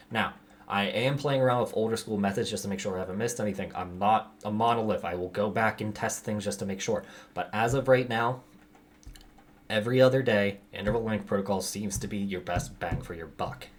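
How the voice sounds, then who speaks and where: A man hosting a casual Q&A, answering viewer questions in a loose, conversational way, his voice raspy and a little out of breath. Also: fairly low pitch. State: raspy, out of breath after gym. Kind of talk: casual Q&A monologue.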